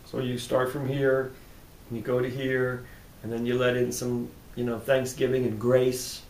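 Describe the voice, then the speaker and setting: A man who practices tapping therapy, speaking calm, repetitive self-affirmations that often drop to a hushed tone, then explaining his method. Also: unhurried. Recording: roomy echo with faint rumble.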